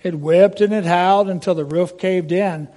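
A man's voice: high-pitched, fairly even intonation, normal speed, warm tone, lightly acted. A man voicing a messenger with grim news. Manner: reporting in rhymed lines.

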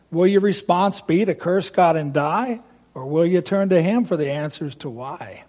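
A man's voice: a little high, a little mellow. A man reciting a rhymed Bible story expressively, asking listeners direct questions.

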